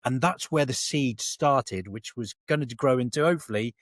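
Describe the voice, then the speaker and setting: A man's voice: medium pitch, moderate pace, dry recording. An English man, a veteran guest, talking in a rambling, chatty way, often restarting his sentences. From England. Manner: rambling, self-correcting, chatty. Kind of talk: casual interview chat.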